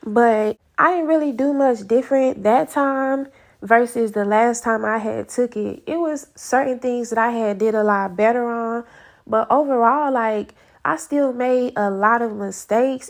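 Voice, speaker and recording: A woman telling a personal faith testimony in a casual vlog, acting out her own prayers as she goes. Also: a little high. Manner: animated storytelling, acts out her own quoted prayers. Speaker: faith vlogger.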